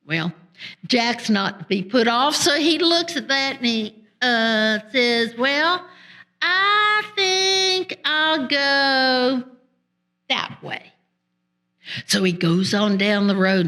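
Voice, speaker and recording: A woman's voice: mid-range voice, bright, forceful tone. A woman storyteller telling a folk tale in a folksy, conversational way with rural turns of speech.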